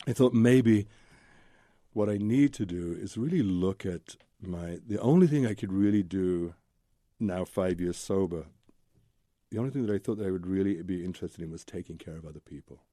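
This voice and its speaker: Man, interview guest, Zen teacher, husky breathy voice, candid rambling storytelling. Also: deep voice, moderate pace, dark tone, dry recording, clean studio sound. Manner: candid, rambling, tumbling lists of memories.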